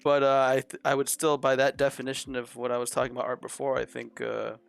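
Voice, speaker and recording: A man's voice: mid-range voice, monotone, quick pace, creaky, clear, resonant tone, faint music behind. A man co-hosting a casual online chat show, thinking aloud in a rambling way with many fillers. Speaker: co-host.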